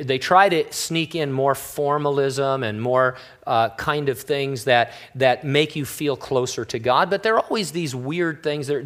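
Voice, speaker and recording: Slightly high-voiced, chatty male preacher. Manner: relaxed, chatty preaching with wry asides. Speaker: pastor. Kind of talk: conversational sermon.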